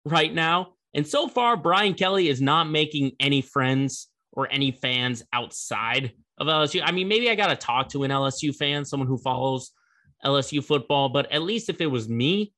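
A man's voice: on the high side, lively intonation, moderate pace, bright, forceful tone. A young man hosting a casual sports commentary show, chatty and rambling, laughing at the story.

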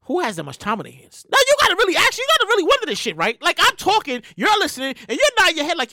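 A woman hosting her own show, ranting in a loud, profane, animated way with sudden shouted bursts. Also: extremely high pitch, quick pace, hardly any pauses, no echo, studio quality. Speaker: show host. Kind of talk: solo comedic rant.

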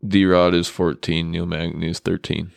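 A man's voice: deep voice, little pitch movement, a little slow, vocal fry, clear, resonant tone. A man co-hosting a sports podcast, laid-back and teasing, mostly giving short replies. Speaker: podcast co-host. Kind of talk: casual sports podcast chat.

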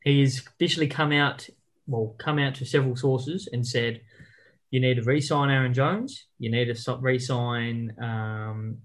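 A man's voice: medium pitch, fairly even intonation, normal speed. A man, co-hosting a casual sports chat over a video call and talking over the others. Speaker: podcast co-host.

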